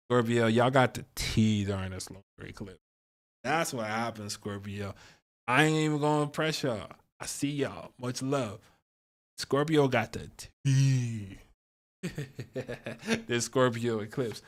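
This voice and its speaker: A man reads tarot cards for each zodiac sign on a live stream in an easygoing, slangy way. He talks straight to his viewers and laughs often between thoughts. His voice sits at a middling pitch for a man. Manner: chatty and slangy, addresses viewers directly. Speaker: astrologer and tarot reader.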